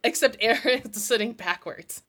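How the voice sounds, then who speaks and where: A woman co-hosting a tabletop game podcast, recounting her character's moves with animated storytelling and laughter. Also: a little high, a little slow. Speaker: podcast co-host and tabletop player. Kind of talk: casual chat and in-game narration.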